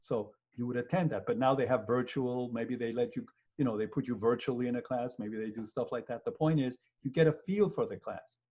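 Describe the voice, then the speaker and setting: A man in his fifties with a New York accent, a law professor giving a webinar lecture in an animated, joking way and acting out quoted voices. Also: mid-range voice, fairly quick, hardly any pauses, breathy edge. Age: 50s. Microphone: computer mic on video call. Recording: muffled lo-fi webinar audio.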